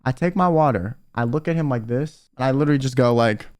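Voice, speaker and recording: A young man telling a storytime in a casual, exasperated rant, swinging between loud bursts and mumbles. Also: medium pitch, fast talker, clean tone. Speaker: vtuber storyteller.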